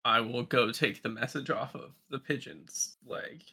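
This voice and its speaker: A man takes his turn in a tabletop game over a video call, speaking in a dry, matter-of-fact way. His voice has a gravelly rasp and a bright, forward edge. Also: mid-range voice, a little slow. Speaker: player. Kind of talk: casual play over a call.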